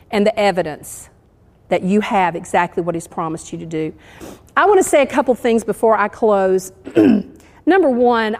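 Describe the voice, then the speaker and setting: Woman, earnest church talk, fairly high voice, echoing hall. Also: darkish tone. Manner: earnest, encouraging, emotional. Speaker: church speaker. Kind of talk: sermon. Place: church sanctuary.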